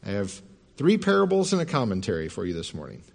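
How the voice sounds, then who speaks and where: A man's voice: fairly low pitch, wildly swooping pitch, fast, vocal fry. Man telling sermon parables. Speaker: pastor. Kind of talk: sermon storytelling.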